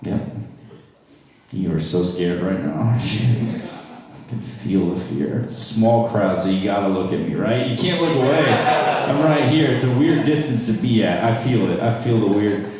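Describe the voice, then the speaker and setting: A man's voice: lowish voice, animated, moderate pace, a little mellow. A young man from North Charleston performing a stand-up comedy set to a small crowd, with wry, self-deprecating crowd work. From North Charleston, South Carolina, USA. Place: small live comedy room. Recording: echoey room from a distant mic.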